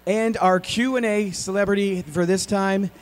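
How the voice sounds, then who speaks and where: A woman's voice: medium pitch, fairly even intonation, moderate pace. A convention panel host asking questions casually, giggling and stumbling over her words. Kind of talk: casual interview hosting. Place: convention hall.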